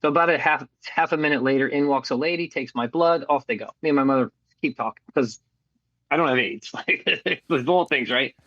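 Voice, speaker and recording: A man's voice: mid-range voice, brisk, no room sound, muffled recording. A middle-aged man telling his life story in a candid, casual interview, acting out what people said to him. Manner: candid, animated storyteller who acts out quoted voices and swears casually.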